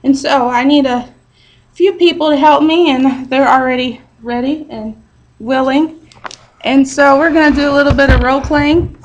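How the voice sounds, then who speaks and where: A woman's voice: sits high, normal speed, dull audio. A woman teaching a Bible story to a group in a chatty, casual way, full of fillers and "he's like".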